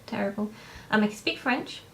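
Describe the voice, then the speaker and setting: A woman's voice: mid-range voice, lively intonation, a little fast, gravelly, fairly bright tone, slight background noise. A young woman vlogger answering viewer questions in a casual, rambling way, with lots of hesitations and restarts. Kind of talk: casual chat to camera.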